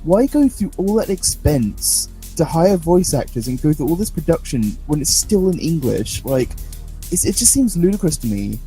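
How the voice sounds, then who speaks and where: A podcast co-host chatting casually, excitable and quick to exclaim. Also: medium pitch, faint music behind, poor audio. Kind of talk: casual group chat.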